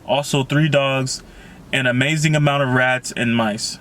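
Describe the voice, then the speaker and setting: A man reading the lines of a gentle boy trapped in a hawk's body, in a low, subdued way. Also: fairly even intonation, unhurried, natural voice.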